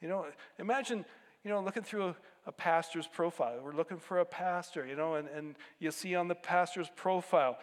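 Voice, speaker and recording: High-voiced man preaching in a reverberant hall. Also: brisk. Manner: conversational, animated with bursts of emphasis. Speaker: pastor. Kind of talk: sermon.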